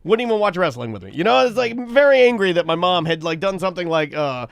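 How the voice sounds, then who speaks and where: A man co-hosting a casual chat, telling stories loudly and animatedly. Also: high voice, fast, creaky, dry recording. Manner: loud, animated storytelling, shouts when mimicking others. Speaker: co-host.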